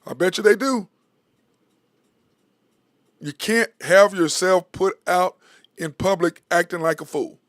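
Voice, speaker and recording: A man's voice: high voice, takes it slowly, pauses often, dry recording, clean studio sound. A sports talk host, rambling and venting his frustration in a solo commentary.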